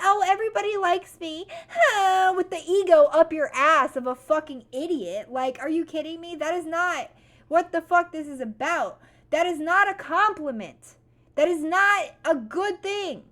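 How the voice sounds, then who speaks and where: High-voiced woman giving a blunt, profane rant. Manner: blunt, profane rant that swings from calm to loud. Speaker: vlogger. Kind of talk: motivational talk to camera.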